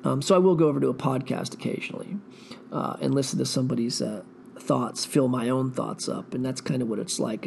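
A man's voice: mid-range voice, gravelly, a little mellow, slight background noise. A man rambling through a profane, meandering solo monologue, thinking aloud as a podcast host.

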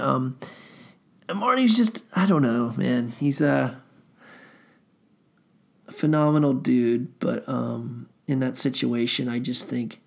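A man's voice: mid-range voice, vocal fry. A middle-aged man and musician telling rambling stories in a casual way, full of fillers and swearing. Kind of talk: casual storytelling.

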